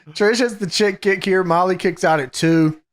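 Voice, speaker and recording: A man co-hosting a podcast, giving a steady, casual play-by-play recap of wrestling matches. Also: high-pitched, moderate pace. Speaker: podcast co-host.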